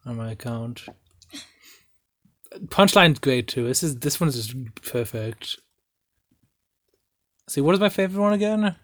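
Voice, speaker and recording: A man's voice: medium pitch, lively intonation, a little slow, long pauses, no room sound. Enthusiastic young man, dry close sound. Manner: enthusiastic, stumbling restarts, laughs often. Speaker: podcast host. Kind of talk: casual chat reacting to videos.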